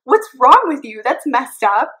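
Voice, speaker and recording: A lonely, cursed teenage beast-boy voiced by a woman who talks bluntly and offhandedly. The voice sits a bit high. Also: big pitch swings, a little slow, a bit bright, heavily acted. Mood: offhand. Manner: casual, offhand.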